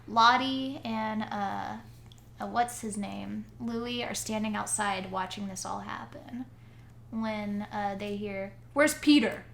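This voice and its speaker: A woman's voice: medium pitch, takes it slowly, gravelly. A young woman co-hosting a podcast, retelling a story in casual chat and acting out the quoted lines as she goes. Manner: animated storyteller who acts out quoted lines. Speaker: podcast co-host. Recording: echoey room, faint noise.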